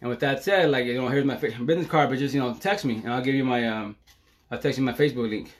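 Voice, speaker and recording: A man rattling off a casual live-stream monologue at speed. His voice sits at an everyday pitch, and his talk is loose, slangy and profane, packed with fillers and restarts. He keeps the energy high throughout. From Seattle area. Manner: fast, excitable, slangy and profane with constant fillers.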